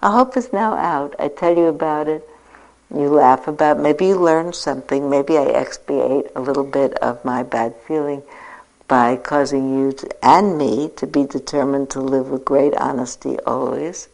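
Low gravelly older woman teaching. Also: fairly even intonation, moderate pace, rough recording. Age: 60s. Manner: reflective, gently self-mocking storytelling. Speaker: meditation teacher. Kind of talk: dharma talk.

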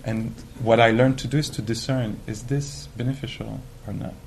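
Man, meditation teacher, casual dharma talk, lively delivery, many fillers, slight background hiss. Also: mid-range voice, moderate pace, creaky, rough recording. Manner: animated, acts out quoted inner voices; many fillers like "you know".

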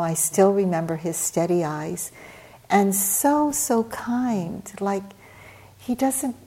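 A middle-aged woman who teaches meditation shares a personal story in a conversational dharma talk, her medium-pitched voice mellow. She uses frequent fillers and takes on a livelier lilt when acting out scenes.

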